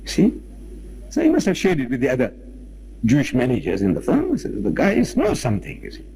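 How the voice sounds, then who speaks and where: A man giving a lecture, telling a personal anecdote in a quick, lively storytelling manner. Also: medium pitch, creaky, a little hiss or hum, low-quality recording. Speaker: Islamic lecturer.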